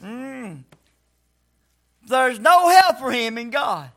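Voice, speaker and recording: High, bright-voiced preacher man. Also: big pitch swings, very slow, vocal fry. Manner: calls and responses with the congregation, shouting at times. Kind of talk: sermon. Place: church.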